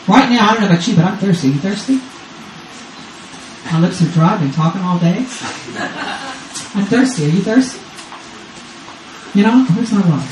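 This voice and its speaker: During a church service, a woman in her fifties from Texas, a grandmother and guest preacher, leads urgent, repetitive call-and-response. Her mid-range, slightly mellow voice swings widely in pitch at a moderate pace with long pauses, captured distantly in a roomy church with faint background noise.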